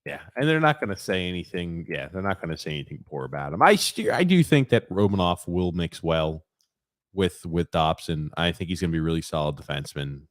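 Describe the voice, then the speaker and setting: A man's voice: sits low, very animated, brisk, no echo, clean studio sound. A man co-hosting a casual sports podcast, chatting and reading out viewer comments. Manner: reads out live chat comments. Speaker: podcast co-host.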